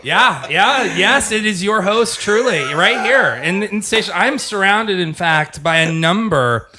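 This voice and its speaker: A man's voice: high-pitched, animated, unhurried, background noise. A man, a middle school history teacher, chatting as a guest in a podcast studio, laughing often and speeding up when he jokes. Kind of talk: casual interview chat. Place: podcast studio with guitars and amps.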